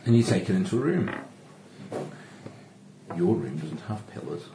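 A man's voice: low voice, sing-song, normal speed. A man narrating a tabletop game as game master for friends, jokey and rambling, laughing often. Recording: echoey room with background noise.

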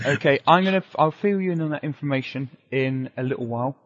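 A man's voice: medium pitch, fast talker. A man running a tabletop game as game master, joking and laughing often. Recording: muffled lo-fi audio.

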